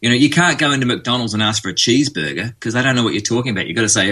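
A man with an Australian accent, a former band bassist, chatting easily as an interview guest and rambling through stories with plenty of fillers. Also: rapid-fire, sharp tone, slightly rough. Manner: easygoing, rambling storyteller with fillers. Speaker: musician guest. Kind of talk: casual interview chat.

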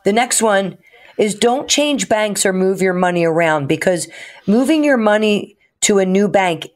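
A woman's voice: mid-range voice, expressive, a little slow. Woman giving mortgage advice on radio. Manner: practical, explanatory. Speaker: mortgage lender, radio co-host.

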